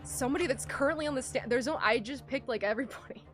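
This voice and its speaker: A woman's voice: high-pitched, rapid-fire, music in the background. A young woman streaming a courtroom game, chatting casually with her chat, giggly and flustered. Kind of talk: casual let's-play commentary.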